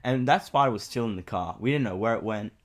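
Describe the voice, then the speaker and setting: A young man from Australia co-hosting a casual podcast, telling stories in an animated, swearing way. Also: fairly low pitch, quick pace. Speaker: podcast co-host. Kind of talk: casual chat.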